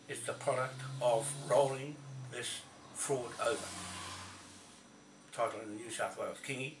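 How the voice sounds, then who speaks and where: A man's voice: mid-range voice, fairly bright tone. Angry New man ranting, echoey. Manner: swearing, confrontational, repetitive. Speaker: video blogger. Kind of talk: angry rant to camera. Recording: echoey, from a distance, faint noise.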